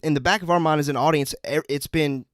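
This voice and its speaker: A man hosting a casual movie discussion, speaking haltingly and chuckling between thoughts. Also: fairly high pitch, fairly even intonation, a bit bright, no echo, studio quality. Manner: halting, restarts phrases, chuckles. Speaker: podcast host.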